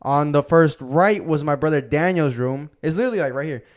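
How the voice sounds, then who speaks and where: Young man, podcast co-host, fairly high voice, smooth clear tone, swears a lot, animated storytelling. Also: fairly quick. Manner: profane, animated storyteller, says "bro" a lot. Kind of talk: casual storytelling chat.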